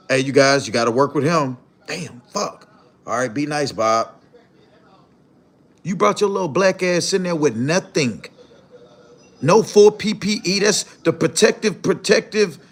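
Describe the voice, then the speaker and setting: A man's voice: a little high, fairly bright tone. An older man from Mississippi, hosting a live stream and mocking another creator in blunt, profane commentary. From Mississippi, USA. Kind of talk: live commentary reacting to clips.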